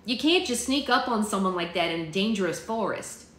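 A woman's voice: mid-range voice, animated, brisk, a bit bright, a little hiss or hum, natural voice. A woman voicing a stubborn, rebellious young witch girl who talks bluntly and sulkily, read aloud in an echoey room. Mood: sulky. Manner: blunt, sulky, defiant.

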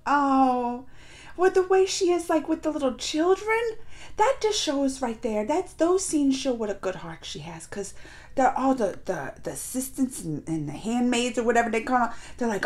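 Lively high-voiced woman reacting to a show. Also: moderate pace. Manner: emotional, animated, talks back to the screen; chatty and colloquial. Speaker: reaction video host. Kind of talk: casual reaction commentary.

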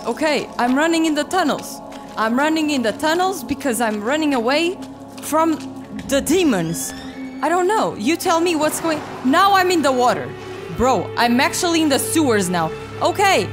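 Woman, 20s, gaming creator: high and animated, reactive and sweary, game music behind. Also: normal speed. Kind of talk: let's play commentary.

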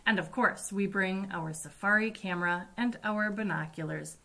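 A woman librarian reading picture books aloud to children at story time, with a gentle, deliberate delivery. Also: medium pitch, creaky, noisy background.

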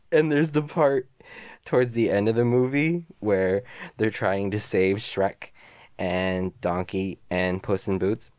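A young man in a whispered role-play as a goofy, playful boyfriend, drifting between silly chatter and soft tender asides. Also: on the low side, no echo, clean studio sound.

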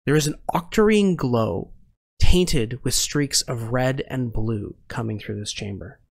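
A man narrating a tabletop game as game master, in slow, descriptive narration. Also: mid-range voice, vocal fry, dry recording.

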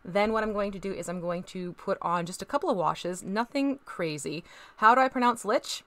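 A woman's voice: medium pitch, moderate pace, a bit bright, no echo. A woman hosting a casual live stream, chatting while she paints miniatures, upbeat and chatty, greeting viewers by name. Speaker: crafting channel host.

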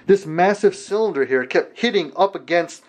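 A man's voice: high voice, lively intonation, moderate pace. A man talking casually to his viewers about a holster, rambling with fillers and asides. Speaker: gun channel host. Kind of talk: casual product talk to camera.

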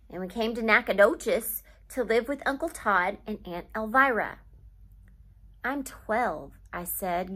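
A woman teacher reading a children's novel aloud to her class, with steady storytelling and pauses to name literary devices. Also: a little high.

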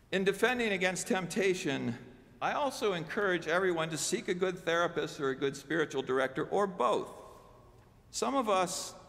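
A man's voice: on the high side, creaky, a bit bright. A male pastor giving a sermon in a conversational way, turning to the congregation with asides. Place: church sanctuary. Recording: long church reverb.

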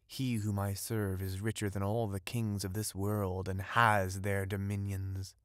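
A man voicing a sly, seductive female witch in an audiobook, in a slow, hushed, teasing voice that drops into whispers. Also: on the low side, little pitch movement, dry recording, clean studio sound. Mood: crooning.

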